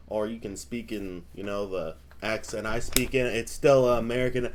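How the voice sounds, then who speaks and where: A man's voice: on the low side, steady tone, moderate pace, few pauses, slight background noise. A man hosting a reaction video, talking in a loose, chatty way and speaking straight to his viewers. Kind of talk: casual reaction commentary.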